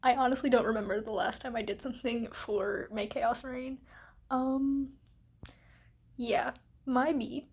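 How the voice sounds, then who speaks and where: A woman's voice: a little high, fairly even intonation, unhurried, pauses often, slightly rough. A young woman talking casually to camera in a vlog, chatty and rambling with lots of fillers. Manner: chatty, rambling, many likes and ums. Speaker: vlogger.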